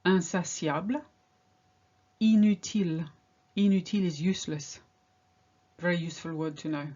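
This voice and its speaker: A woman teaching a pronunciation lesson, drilling example words one at a time with slow, careful delivery. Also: lowish voice, steady tone, dark tone, lo-fi sound. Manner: slow, deliberate word-by-word drilling. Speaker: French teacher.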